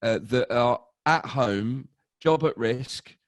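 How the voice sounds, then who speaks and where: A man's voice: medium pitch, slow pace, dry recording, studio quality. Rambling male livestream host. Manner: rambling, with restarts. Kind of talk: casual livestream chat.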